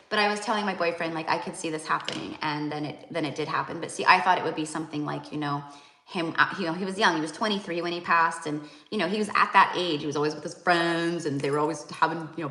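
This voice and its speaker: A woman's voice: sits low, a bit bright, echoey room. A young woman and psychic tarot reader, talking casually and rambling with many fillers and restarts. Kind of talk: casual spiritual talk to viewers.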